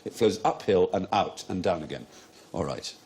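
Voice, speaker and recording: A man's voice: low-pitched, moderate pace, a little hiss or hum. A middle-aged man hosting a comedy quiz show, explaining odd facts with relish and laughing often. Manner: lively, erudite, laughing often. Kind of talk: witty panel-show hosting.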